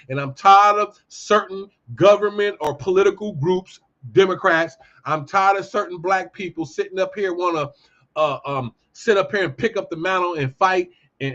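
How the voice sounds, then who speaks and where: A man hosting his own show, giving a heated, profane commentary monologue and telling animated stories. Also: high-pitched, lo-fi sound. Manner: profane, ranting, animated storytelling. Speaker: podcast host.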